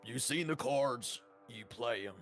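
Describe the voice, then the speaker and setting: A man doing a gruff giant cowboy bandit. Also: mid-range voice, measured pace, fairly bright tone, soft background music. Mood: menacing.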